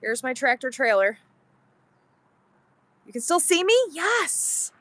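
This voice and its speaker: This livestream host and seller has a high, sing-song voice that moves slowly and sounds a little bright. Casual and candid, she rambles, restarts often, and swears without holding back.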